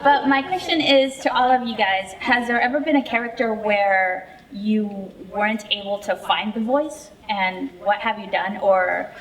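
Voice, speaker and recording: A woman's voice: medium pitch, unhurried, few pauses. A woman in the audience asking a question hesitantly. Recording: distant mic with audible crowd.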